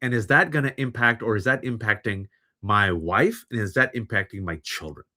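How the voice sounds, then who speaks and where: Man in his forties, livestream host, animated, bright forceful voice. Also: fairly low pitch, normal speed. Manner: animated, mimics other voices. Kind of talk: livestream commentary.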